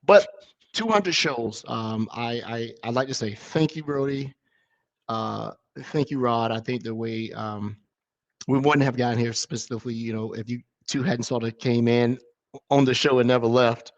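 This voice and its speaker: A middle-aged man hosting a podcast, talking in a relaxed, rambling way with restarts. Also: mid-range voice, normal speed. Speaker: podcast host. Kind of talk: casual podcast chat. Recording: slightly dull lo-fi audio.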